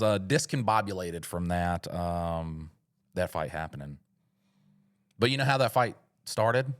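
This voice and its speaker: Profane storytelling man, low voice. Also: a little slow. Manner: profane, rambling, animated. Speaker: podcast co-host. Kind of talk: comedic storytelling.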